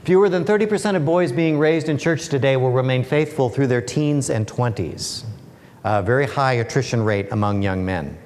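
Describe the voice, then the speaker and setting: A man gives a lighthearted talk to an audience. His pitch sits in an ordinary middle range, and he keeps throwing playful rhetorical questions at the crowd. His voice carries a long reverb from the hall he speaks in. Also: normal speed, darkish tone, slight background noise. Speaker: guest speaker and author. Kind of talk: humorous presentation talk. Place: lecture hall.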